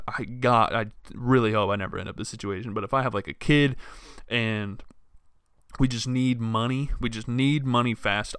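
A man's voice: medium pitch, a bit bright, clean tone, dry recording. Young man ranting, dry close sound. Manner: exasperated, profane, rambling with restarts. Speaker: podcast host. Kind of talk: casual solo rant.

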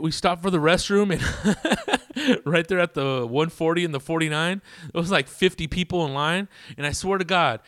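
A man's voice: fairly high pitch, fairly bright tone, dry recording, clean studio sound. A young man telling a rambling story in a casual, profane, slang-heavy way to his viewers. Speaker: vlogger.

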